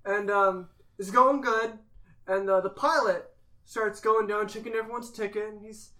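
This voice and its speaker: A tipsy woman telling a long joke among friends, animated and swearing freely. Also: mid-range voice, moderate pace. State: drunk.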